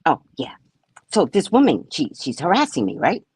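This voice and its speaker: Loud-mouthed woman venting on a live stream, husky voice, big swoops up and down. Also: sits low, normal speed, no echo. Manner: brash, profane, mocking, animated storytelling. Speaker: psychic reader and vlogger. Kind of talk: casual live-stream rant.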